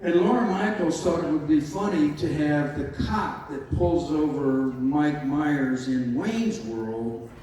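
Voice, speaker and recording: An American man in his sixties, speaking as a guest on a convention panel, tells rambling, joking stories packed with fillers. His voice is a little high and mellow. He's recorded from a distance in a large, echoey convention hall, with faint noise in the background.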